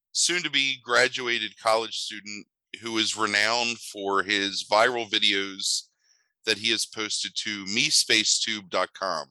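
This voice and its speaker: A man's voice: lowish voice, pushed and bright, clear, resonant tone, dry recording, rough recording. A man co-hosting a casual movie podcast, talking in a dry, sardonic way with frequent ums. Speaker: podcast co-host.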